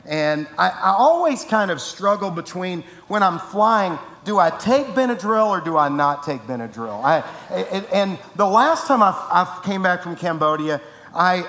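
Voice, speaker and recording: High-voiced pastor, humorous rambling storyteller. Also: male voice, fairly bright tone, in a large hall. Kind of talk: sermon announcements and anecdote. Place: church sanctuary.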